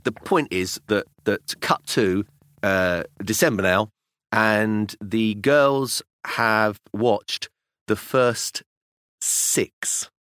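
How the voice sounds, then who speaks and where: A British man in his thirties or forties co-hosting a casual podcast about fatherhood, telling animated stories about his young daughters. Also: on the low side, extremely slow, no echo, studio quality. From United Kingdom. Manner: animated storytelling, acting out kids' voices. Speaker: podcast co-host. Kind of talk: casual chat.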